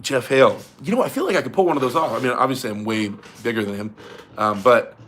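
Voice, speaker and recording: Talking fast with lively intonation, this young livestream host reads viewer comments in a laid-back manner, laughing a lot and cursing casually. His mid-range voice is fairly bright, and there's slight background noise.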